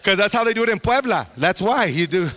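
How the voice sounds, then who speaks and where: A man performing stand-up comedy, animated, acting out quoted voices and swinging from loud to hushed. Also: high voice, quick pace, long reverb tail.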